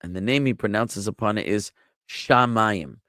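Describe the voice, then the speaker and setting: American rabbi teaching scripture online, low and dry, patient with fillers. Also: male voice, moderate pace, bright, forceful tone, no echo. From United States. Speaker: rabbi teaching a Bible class. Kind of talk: live online Bible lesson answering chat.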